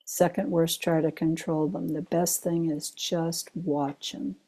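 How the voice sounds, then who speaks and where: Slow, mellow-voiced older woman giving a dharma talk. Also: low voice, flat delivery. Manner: unhurried storytelling with gentle laughs. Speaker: Zen teacher giving a talk. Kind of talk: dharma talk with personal stories.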